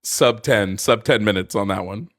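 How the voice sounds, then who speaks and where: A man's voice: on the low side, moderate pace, fairly bright tone. A man hosting a live call-in debate stream, talking loosely and casually with fillers. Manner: loose and chatty, lots of ums and restarts.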